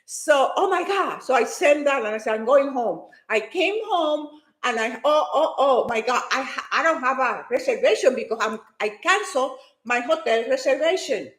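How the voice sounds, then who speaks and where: A woman telling a personal story with excitement, talking fast and restarting her sentences as she goes. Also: sits high. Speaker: fitness and motivation speaker. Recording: echoey room.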